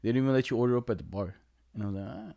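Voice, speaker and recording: A man's voice: medium pitch, animated, racing, vocal fry, mellow, lo-fi sound. A young man casually telling a rambling, slangy story to a friend, laughing along and quoting others in put-on voices.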